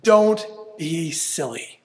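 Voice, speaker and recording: A man voicing the calm, kind wife of a giant, who speaks slowly and dismissively. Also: on the high side, heavily acted. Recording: long hall reverb.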